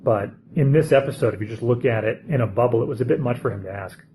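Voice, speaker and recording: Man in his own relaxed voice, easygoing episode reviewer, thinks aloud, faint background noise. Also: medium pitch, quick pace, rough recording. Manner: chatty, thinking aloud with fillers. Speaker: TV show reviewer. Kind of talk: casual spoken commentary.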